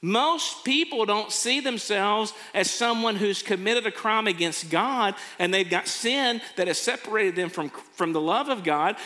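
A man's voice: high-pitched, sharp tone. A man preaching a sermon, earnestly acting out people's reactions. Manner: earnest, acts out quoted reactions. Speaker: pastor. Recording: long hall reverb.

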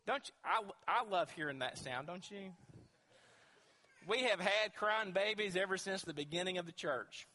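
A man's voice: sits high, pushed and bright. A man preaching a sermon as pastor, emphatic and asking the congregation rhetorical questions. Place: church sanctuary with long reverb. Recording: reverberant church hall.

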